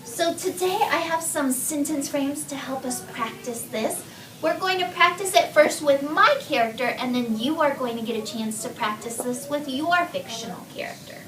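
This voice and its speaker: A woman teacher leading a writing lesson for young children, speaking clearly and patiently and modelling expressive reading. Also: high-pitched, moderate pace, slight background noise. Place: classroom. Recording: echoey classroom, camera far off. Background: children in the room.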